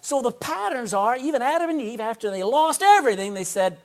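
With an extremely high pitch, big swings in intonation and a brisk pace, a male pastor delivers a sermon to a congregation in an indoor room. The style is folksy and emphatic, punctuated by frequent calls for an amen.

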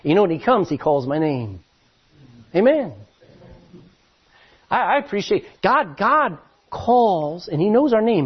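A man preaching a sermon as pastor, telling stories in an animated way with many restarts, his voice a little husky. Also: high-pitched, unhurried, pauses often, muffled recording.

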